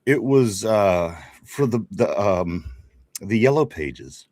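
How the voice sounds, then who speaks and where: Rambling man in his forties, lively pitch. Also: takes it slowly, no echo, studio quality. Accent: Pittsburgh. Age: 40s. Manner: rambling, repeats greetings, laughs often. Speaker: podcast co-host. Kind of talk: casual sports talk show.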